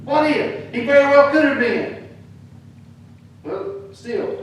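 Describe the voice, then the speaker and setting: A man preaching a sermon in a church, animated and acting out the people he quotes. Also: very high-pitched, slow, long pauses. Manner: animated, acts out quoted speech. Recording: echoey hall from far off.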